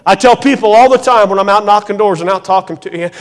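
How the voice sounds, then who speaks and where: A man's voice: high-pitched, fast, big-room sound. A man preaching a fervent sermon to fellow preachers, often asking the crowd "amen?". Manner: fervent, calls out "amen?" to the audience. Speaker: pastor.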